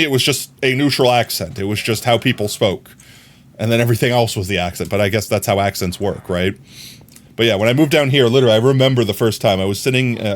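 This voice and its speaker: A man with a mild New York accent, chatting casually as a streamer while he plays, rambling, repeating words and laughing often. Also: mid-range voice. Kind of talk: casual chat while gaming.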